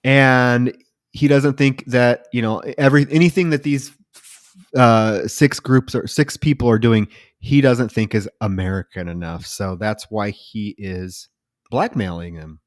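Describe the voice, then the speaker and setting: A man's voice: medium pitch, fairly even intonation, unhurried, no room sound, studio quality. A man co-hosting a casual film podcast, recapping the plot at length in a loose, chatty way. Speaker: podcast co-host.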